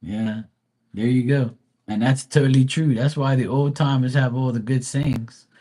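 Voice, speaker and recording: A man's voice: medium pitch, steady tone, moderate pace, mellow. A man in his forties chatting casually on a live stream as a tarot reader, rambling and swearing in a laid-back way. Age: 40s.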